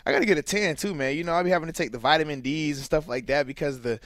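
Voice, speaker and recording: Male sports radio co-host, playful and animated, slightly high voice, dry studio sound. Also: rapid-fire, no echo. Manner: playful, animated, laughs and repeats words. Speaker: radio show co-host, former player. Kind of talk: casual sports radio chat. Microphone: studio microphone.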